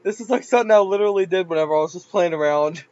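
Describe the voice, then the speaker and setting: A man giving let's play commentary, excitable and yelping at jump scares. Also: sits high, rapid-fire, dull audio. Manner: excitable, yelps and shrieks at scares. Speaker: gameplay commentator.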